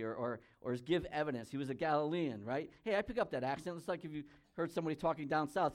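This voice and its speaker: A man preaching a sermon in a somewhat high voice. His delivery is animated, rising to loud, pressing emphasis and then dropping to quiet asides. He moves between reading scripture and speaking straight to his congregation. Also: fast talker, hardly any pauses. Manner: reads scripture aloud and comments. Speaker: pastor.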